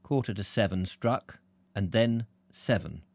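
A man giving a live reading of a novel, with relaxed, chatty asides to his viewers between passages. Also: fairly low pitch, unhurried, husky, no echo. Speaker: reader, host of live reading.

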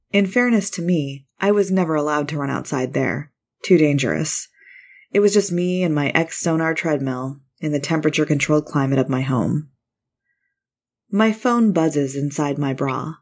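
A woman reading a first-person short story aloud in a measured, wry manner. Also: low voice. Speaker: narrator. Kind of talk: scripted story narration.

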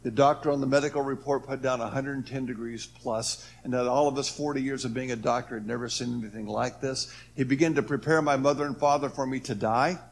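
A man's voice: mid-range voice, steady tone, quick pace, few pauses. An earnest man giving a personal testimony in an ordinary mid-range voice. He tells it as a story, letting his voice rise and sink and acting out the voices of others. A faint hum sits behind the recording. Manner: earnest, voice rises and falls with the story, acts out quoted speech. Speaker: speaker telling his near-death story.

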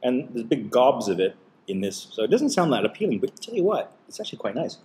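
A man's voice: medium pitch, big pitch swings, fast talker, darkish tone, a little hiss or hum. Dad guy doing a food taste test vlog, chatty, explains stuff, teases a bit. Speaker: host and dad.

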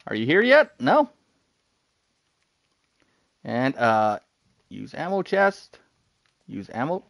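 Excitable man with a lively voice. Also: medium pitch, slow, creaky, dry recording, highs cut off. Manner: excitable, talks to himself, frequent laughs. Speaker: gaming streamer. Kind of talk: live game commentary.

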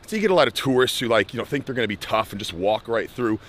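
Animated young American man telling a story. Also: mid-range voice, rapid-fire. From United States. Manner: animated, acts out quoted voices. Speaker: life skills coach. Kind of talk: storytelling vlog advice.

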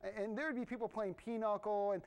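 A middle-aged man preaching a sermon in a conversational, animated way, with asides to the congregation. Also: sits high, fairly quick, smooth. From Irish family background. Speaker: pastor.

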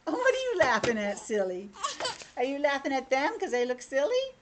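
A woman's voice: high-pitched, a little fast, background noise. A young woman teacher reading a picture book aloud to children over a video call, with chatty asides. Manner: animated, chatty asides to kids.

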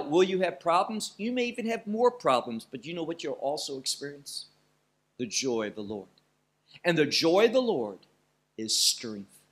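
A man teaching through a Bible passage verse by verse, preaching emphatically and stressing single words with pauses. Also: fairly high pitch, a bit bright.

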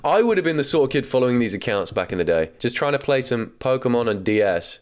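A man's voice: mid-range voice, sing-song, fast. A young man hosting comedic reaction commentary, wry and casual, laughing often and swearing freely. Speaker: commentary host.

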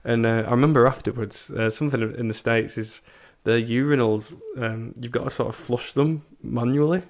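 A man's voice: medium pitch, fairly even intonation, normal speed. Chatty young man. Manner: chatty, laughing storyteller with stammering restarts. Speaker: podcast host. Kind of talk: casual chat.

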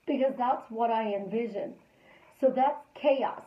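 A woman hosting a live stream as a life coach, talking casually and repeating calm affirmations in a chatty, storytelling way. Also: a little high, unhurried, echoey room, muffled recording.

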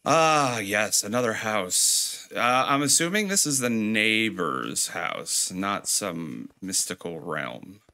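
A man's voice: expressive, takes it slowly, few pauses, bright, forceful tone. A man commenting on a horror game as he plays, joking and sarcastic, reading the game's notes aloud. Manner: playfully mocks the game with sudden high squeals. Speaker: gameplay commentator.

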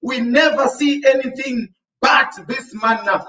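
A South African man preaching a sermon as pastor, repeatedly addressing the congregation as ladies and gentlemen. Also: very high voice, measured pace. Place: church. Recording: echoey church from far off.

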